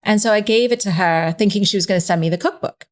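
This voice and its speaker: A woman's voice: mid-range voice, fast talker. A woman, a podcast guest telling stories in casual chat and acting out the voices of people she quotes. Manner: animated storyteller, acts out voices in quotes.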